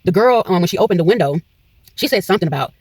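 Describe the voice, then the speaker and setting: Fast-talking, high-voiced man telling a story. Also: slightly rough, no echo, rough recording. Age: 40s. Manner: animated retelling that acts out quoted dialogue. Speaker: vlogger. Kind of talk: casual storytelling vlog. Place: in a parked car.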